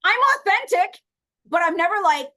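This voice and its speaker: A woman chatting casually as a podcast guest, animated and outspoken, laughing often and acting out the people she quotes. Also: extremely high pitch, brisk. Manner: animated, outspoken, playful swearing and put-on quoted voices.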